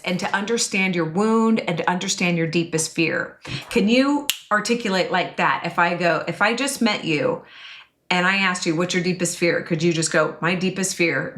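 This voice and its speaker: A woman teaching about personality types in a chatty, expressive way, often acting out quotes. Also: on the low side. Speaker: Enneagram coach and teacher. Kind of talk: casual teaching talk to an online class.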